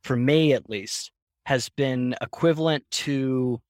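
A man being interviewed as a company founder, telling stories in a lively way and acting out voices in his anecdotes. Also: mid-range voice, slow pace, no room sound. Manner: animated storyteller, acts out voices in anecdotes, laughs often. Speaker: founder and guest. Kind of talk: conversational interview storytelling.

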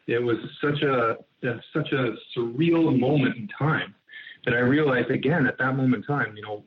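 A man, a guest entrepreneur, telling a story in an interview in an animated way, with many asides and restarts. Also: medium pitch, moderate pace. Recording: tinny phone-like line with faint noise.

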